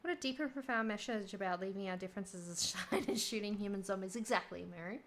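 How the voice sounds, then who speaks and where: A woman's voice: mid-range voice, fast, a little hiss or hum. Playful young woman streamer. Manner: playful, reads game text aloud with quips. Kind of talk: casual game playthrough commentary.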